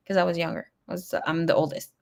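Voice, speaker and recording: A woman's voice: lowish voice, flat delivery, fast, gravelly, a little mellow. Chatty, foul-mouthed woman on a livestream. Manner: chatty, profane storytelling; laughs often. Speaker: psychic tarot reader. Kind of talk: casual livestream chat.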